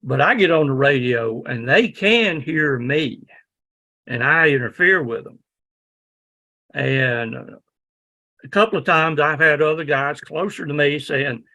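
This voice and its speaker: A man with a Southern drawl lectures a classroom in a loose, folksy manner, leaning on "okay?" to check that his students follow. His voice sits a little high and rings bright and forceful. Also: measured pace, pauses often. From Southern United States. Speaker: ham radio class instructor.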